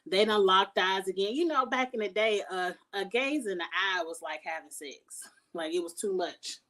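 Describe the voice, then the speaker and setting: A woman talks through a show in a loose, animated recap, blunt and full of profanity. Her voice sits in the middle range. She is set back from the microphone, so she sounds slightly distant. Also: mid-range voice, normal speed. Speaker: TV show reviewer. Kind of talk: casual recap chat.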